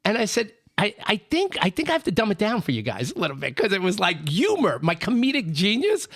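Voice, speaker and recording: A man's voice: high voice, huge pitch swings, brisk, gravelly, a bit bright, no echo, clean studio sound. A man co-hosting a podcast, telling rambling, self-amused jokes in casual banter. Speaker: podcast co-host, joke teller.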